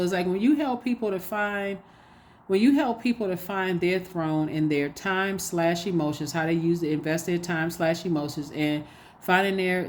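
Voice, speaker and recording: Animated low-voiced woman tarot reader. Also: a little hiss or hum. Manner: animated, repetitive, preachy exhortations. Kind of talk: casual spoken tarot reading.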